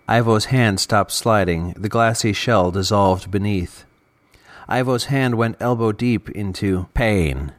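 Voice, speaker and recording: Low-voiced man narrating a serial story. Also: slow. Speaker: podcast narrator. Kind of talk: scripted fiction narration.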